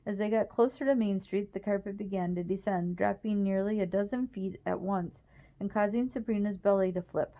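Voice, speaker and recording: A woman reading a children's novel aloud in a plain, steady storytelling manner. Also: mid-range voice, moderate pace, dull audio. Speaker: reader.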